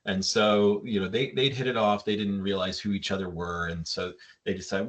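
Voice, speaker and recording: A man's voice: fairly low pitch, fairly even intonation, normal speed, few pauses, a bit bright. A man, a yacht designer, talking reflectively as an interview guest and retelling a story at length. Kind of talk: conversational interview.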